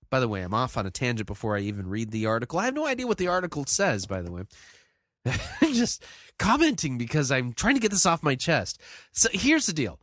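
A man at a medium pitch talks through a casual solo commentary, wandering off on tangents with sighs, fillers and restarts. He leans hard on single words when he wants to make a point. The sound is close and dry, with no room around it. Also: huge pitch swings, fairly quick, a bit bright, dry recording. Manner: rambling, sighing, full of fillers and restarts; emphatic, punching single words. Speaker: podcast commentator.

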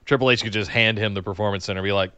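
Bright-voiced man chatting on a podcast. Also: fairly low pitch, fairly even intonation, rapid-fire, clear, resonant tone, no room sound. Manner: enthusiastic, rambling, reads listener questions. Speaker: podcast co-host. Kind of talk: casual chat.

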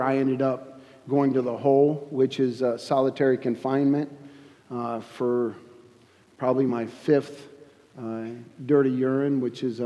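A man shares his testimony at a church service, earnest and halting, often stopping to restart his sentences. His voice is mellow and dark. The sound is a little dull, with a long reverb from a large hall. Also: mid-range voice. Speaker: guest speaker giving testimony.

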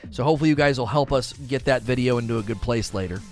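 A man hosting a casual livestream, reading viewer chat aloud and rambling in a relaxed way, often laughing and repeating himself. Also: medium pitch, quick pace, faint music behind.

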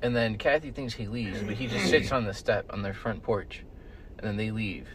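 A young man co-hosting a casual podcast, rambling through stories, swearing often and shouting the lines he quotes. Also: lowish voice, normal speed, slight background noise. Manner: rambling storyteller, swears a lot, loud bursts when quoting. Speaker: podcast co-host. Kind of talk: casual chat. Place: in a car with friends.

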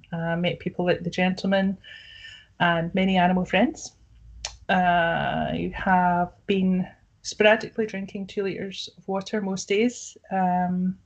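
A woman's voice: on the low side, poor audio. Woman podcast cohost, chatty, giggles a lot, casual chat. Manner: giggly, chatty, quick to laugh. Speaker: podcast co-host.

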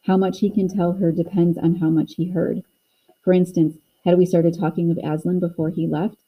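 A woman's voice: lowish voice, level tone, breathy edge, muffled recording. A woman voicing Missus Beaver, a practical, motherly talking beaver who reasons things through. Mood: urgent. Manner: brisk, reasoning.

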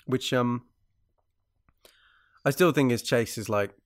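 A man's voice: mid-range voice, slow pace. A man chatting casually about a TV show, rambling with many restarts and fillers. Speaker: podcast co-host.

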